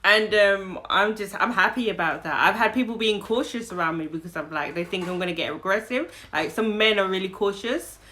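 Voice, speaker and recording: A woman's voice: mid-range voice, a little fast, few pauses, pushed and bright, a little hiss or hum. A woman co-hosting a podcast in casual chat, laughing often. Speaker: podcast co-host.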